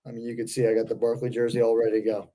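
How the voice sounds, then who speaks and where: A man's voice: medium pitch, completely flat delivery, rapid-fire, warm tone. An easygoing man co-hosting a sports podcast in casual chat. His voice sits mid-range and rambles along with loose fillers. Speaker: podcast co-host.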